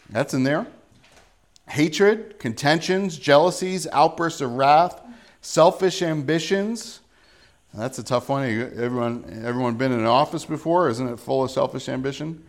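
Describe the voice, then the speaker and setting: A man preaching a sermon, reading scripture aloud and explaining it in a conversational way, asking the congregation questions. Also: mid-range voice. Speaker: pastor.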